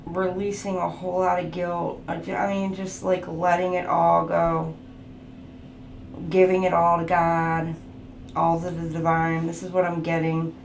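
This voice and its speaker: A woman's voice: lowish voice, monotone, unhurried, vocal fry. A woman giving a casual tarot reading, chatting and listing card keywords as she goes. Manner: chatty, laughs often, lists card keywords. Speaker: tarot reader. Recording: roomy with faint background noise.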